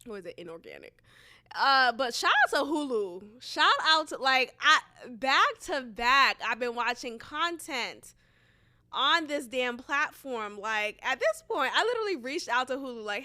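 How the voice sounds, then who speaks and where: A woman's voice: on the high side, animated, moderate pace, pushed and bright. A young woman from Boston, hosting a solo podcast in a casual, chatty monologue full of asides and fillers. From Boston, USA. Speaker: podcast host.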